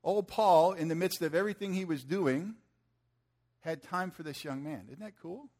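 Fifties guy preaching, kinda high voice, casual and chatty, throws questions at the crowd and acts out quotes in slang. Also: normal speed, darkish tone. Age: 50s. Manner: conversational, asks the audience questions. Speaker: pastor. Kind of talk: sermon.

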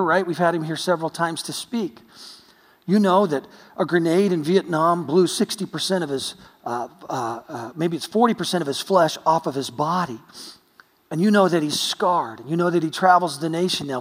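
A man's voice: fairly high pitch, expressive, normal speed, long reverb tail. A man preaching a sermon as pastor, telling stories earnestly with touches of light humor.

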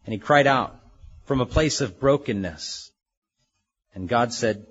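A man preaching a sermon in a husky, slightly breathy voice, earnest and deliberate. He lingers on key words and lets them settle. The recording sounds dull and lo-fi. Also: medium pitch, a bit bright. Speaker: pastor. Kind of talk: expository sermon.

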